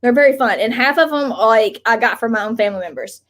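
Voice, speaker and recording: Woman from Kentucky, high voice, rambling casual chat, live-stream co-host. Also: fast, fairly bright tone. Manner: chatty and rambling, many "like" fillers.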